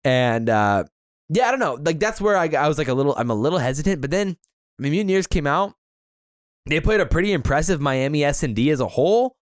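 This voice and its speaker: Upbeat joking male podcast host; slightly high, dry close-miked read. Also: big pitch swings, quick pace, no room sound. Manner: upbeat, joking, laughs often. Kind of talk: casual esports podcast chat.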